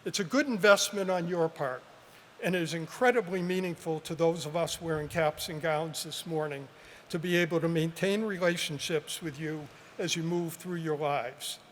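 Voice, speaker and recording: At an outdoor graduation, a professor in his seventies with a rather high-pitched male voice delivers a sincere, measured speech sprinkled with gentle humor. The podium mic picks up a long, lingering reverb and faint background noise.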